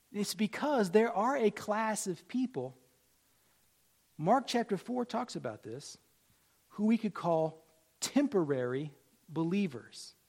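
A man's voice: high-pitched, mellow. A man in his forties preaching a sermon in a conversational way, repeating phrases and rising for emphasis. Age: 40s. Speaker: pastor.

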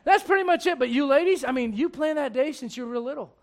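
A middle-aged male pastor preaching a dynamic sermon, swinging from loud to hushed and acting out voices in little scenes. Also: very high voice, expressive, fast talker.

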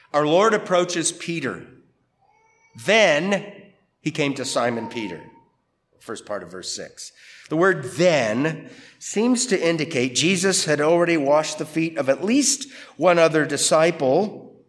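A man preaching through a Bible passage verse by verse, conversational and emphatic, often asking rhetorical questions. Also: on the high side. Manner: lively, emphatic delivery. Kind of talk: expository Bible teaching.

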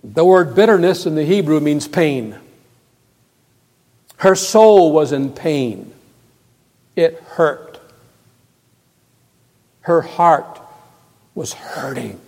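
Slow preaching man in an echoing hall. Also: fairly high pitch, animated. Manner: swings from hushed to loud and emphatic, repeats words. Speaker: pastor. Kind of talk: sermon. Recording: long reverb of a large hall.

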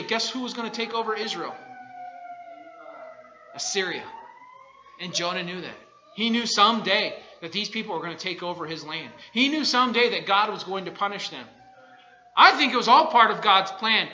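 A man preaching a sermon, swinging between quiet asides and loud shouted bursts. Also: high voice. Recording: dull lo-fi recording.

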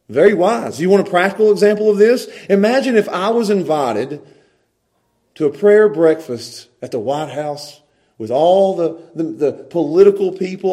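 A man preaches with a high, lively voice. He swings between loud, pressing emphasis and soft, quiet asides as he works through his sermon. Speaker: pastor.

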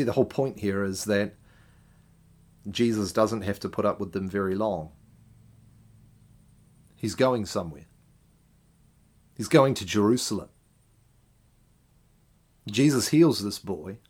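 A man preaching a sermon, often putting rhetorical questions to the congregation. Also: on the low side.

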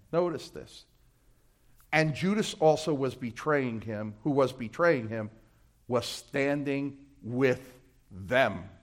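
A male pastor from Brooklyn with a New York accent, preaching a sermon, swinging between loud emphatic scripture readings and low quiet asides.

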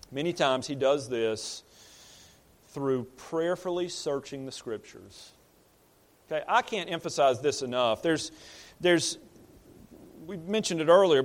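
A man in the role of pastor, preaching in a conversational way, plain-spoken and often repeating or restarting words as he builds a point. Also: on the high side. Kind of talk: conversational sermon.

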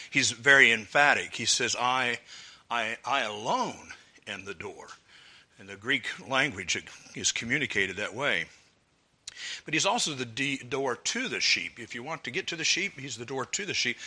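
Bright, forceful preaching man. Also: mid-range voice, slightly rough. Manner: measured, emphatic preaching with pauses and restarts. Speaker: pastor. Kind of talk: expository sermon.

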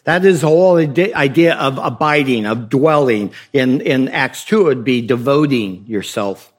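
A man's voice: medium pitch, normal speed. A male pastor preaching a sermon in a conversational way, with rhetorical questions and light humor.

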